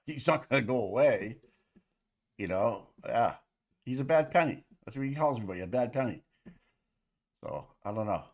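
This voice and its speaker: A man's voice: mid-range voice, animated, moderate pace, pauses often. A man co-hosting a livestream in casual, profane, rambling chat with his viewers. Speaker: livestream co-host.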